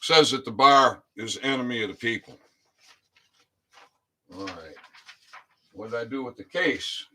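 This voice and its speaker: A man explaining his court filing to followers in a casual vlog, reading documents aloud and slowing down to stress key phrases, with frequent "all right?" check-ins. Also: medium pitch, sharp tone.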